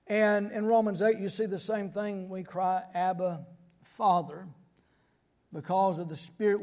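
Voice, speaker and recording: An older man preaching a sermon, moving between quiet asides and sudden high, shouted emphasis.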